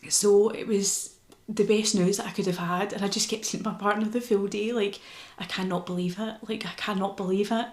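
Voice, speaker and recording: A woman's voice: medium pitch, steady tone, fairly quick. Scottish woman, vlogger, earnest and emotional, mid-range voice, echoey room. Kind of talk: casual personal health update.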